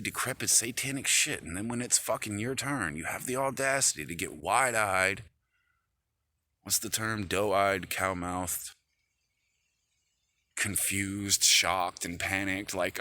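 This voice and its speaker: A man's voice: low-pitched, sharp tone. A man rambling into his phone camera in an agitated, profane rant. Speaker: vlogger.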